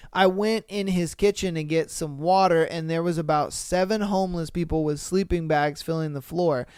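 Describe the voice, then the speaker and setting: A man hosting a podcast who reads listener stories aloud and reacts between them with loud, profane exclamations. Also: high voice, smooth, dry recording, studio quality. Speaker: podcast host.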